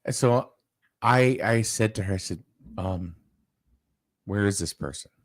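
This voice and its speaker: A man hosting a casual local talk show, telling an animated story and repeating "I said" as he goes. He is from Eastern Connecticut. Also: on the low side, measured pace. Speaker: host.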